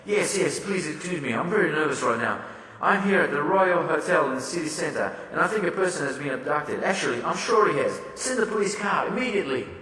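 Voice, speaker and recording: A nervous female event organizer played by a man pleads in a high, lively, bright voice. She sounds frantic and rushed. The voice comes from well away from the mic in a big, reverberant hall. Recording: echoey hall, far from the mic.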